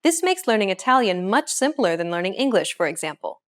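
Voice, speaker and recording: A woman narrating a scripted pronunciation lesson as the teacher, clear and upbeat. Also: mid-range voice, very animated, brisk.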